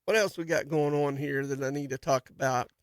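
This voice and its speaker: A folksy man hosts a farm radio show, rambling along with plenty of fillers and restarts. His voice sits a bit high for a man. The sound is dry and close, from a studio mic. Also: fairly even intonation, fairly quick, no echo. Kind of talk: casual farm radio talk. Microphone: studio microphone.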